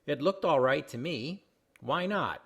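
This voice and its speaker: A man's voice: on the high side, expressive, unhurried, a bit bright, slightly rough, highs cut off, voice pushed up, full character voice. A man reading aloud a period humor column as a wry, mocking older Irish barkeep, in a plain voice without a brogue. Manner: read straight, without a brogue.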